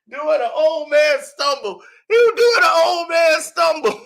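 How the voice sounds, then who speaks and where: Laughing often, a man rants through casual sports commentary in a mocking, animated way. His very high voice has a gravelly rasp and a bright, sharp edge, and he speaks a little slowly.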